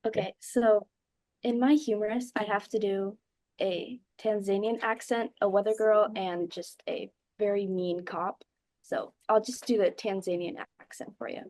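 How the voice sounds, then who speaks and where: Teen girl, mid-pitched, animated, dry close sound. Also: unhurried, dry recording. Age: teens. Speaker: speech team student.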